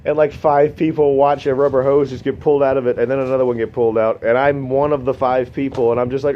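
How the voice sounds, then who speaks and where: A man telling a long comic story in a deadpan, rambling way, swearing often. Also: quick pace, hardly any pauses. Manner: deadpan, rambling, swears a lot, voices others in a raised pitch. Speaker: storytelling comedian. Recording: dull lo-fi recording with faint noise.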